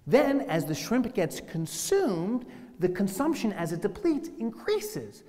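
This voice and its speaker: A man telling funny stories as a business speaker in a keynote talk, animated and playful. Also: high voice, moderate pace. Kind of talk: humorous keynote storytelling. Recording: long hall reverb.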